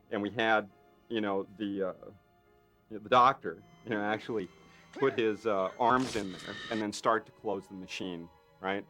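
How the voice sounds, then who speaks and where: A man, a special effects artist, telling lively stories in an interview, acting out the quotes and tagging lines with "right?". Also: fairly low pitch. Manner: lively storyteller who acts out quotes; frequent fillers and tag questions. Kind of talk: anecdotal interview.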